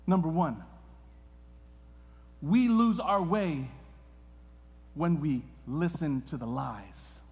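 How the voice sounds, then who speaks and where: A man preaching a sermon as a guest pastor in a church, moving between hushed and loud, impassioned delivery. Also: a little high, expressive, slow, pauses often. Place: church sanctuary. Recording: long reverb of a church hall.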